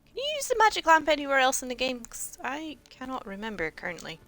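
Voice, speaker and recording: Snarky sweary woman streaming a game, bright voice. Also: high voice, big pitch swings, fast. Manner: sarcastic, swearing and joking. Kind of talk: casual gameplay commentary.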